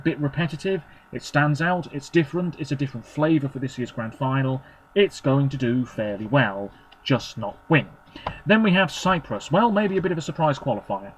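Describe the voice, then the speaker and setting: A man giving opinionated solo commentary, chatty and sarcastic, with quick verdicts in short clipped phrases. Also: mid-range voice, slight background noise, poor audio. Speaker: Eurovision commentator.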